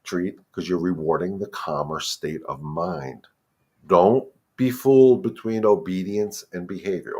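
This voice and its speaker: A man with a deep, low voice talks through dog training questions on a casual live stream. He keeps a calm, conversational tone and circles back to repeat his main points. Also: breathy edge. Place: home with a terrace.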